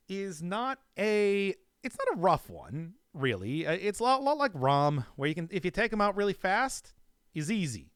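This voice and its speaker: A man's voice: a little high, fairly bright tone, slight background noise. A man streaming a video game, chatting casually in a rambling, joking way and laughing often. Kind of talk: casual live-stream commentary.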